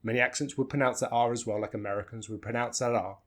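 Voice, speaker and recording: A man with a non-rhotic British accent teaching English pronunciation, slowly demonstrating the weak and strong forms of words and repeating them. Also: mid-range voice, fairly even intonation. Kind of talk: pronunciation lesson.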